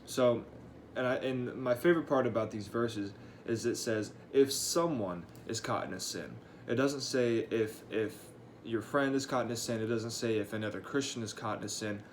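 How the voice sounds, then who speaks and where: Young male church intern, earnest casual devotional, mid pitch, faint ambience under the voice. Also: steady tone, normal speed, a little hiss or hum. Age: young adult. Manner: earnest, casual, with fillers and restarts. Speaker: high school church intern giving a devotional. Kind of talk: short devotional talk.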